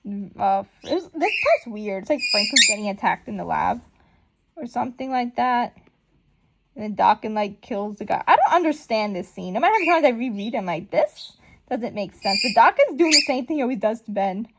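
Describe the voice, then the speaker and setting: Lively slangy woman reading comics aloud. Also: a little high, brisk. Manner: slangy, animated, thinks aloud. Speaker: comic reader and commentator. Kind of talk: casual comic read-along commentary. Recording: noisy home recording.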